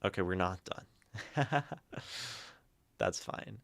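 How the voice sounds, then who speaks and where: A man hosting a livestream, chatting casually and thoughtfully with many halting restarts. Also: low-pitched, lively intonation, vocal fry, dry recording. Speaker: livestream host reading community poetry.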